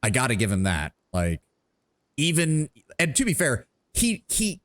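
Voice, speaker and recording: A man's voice: mid-range voice, huge pitch swings, a little slow, a bit bright. Rambling swearing male streamer. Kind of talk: casual gaming commentary.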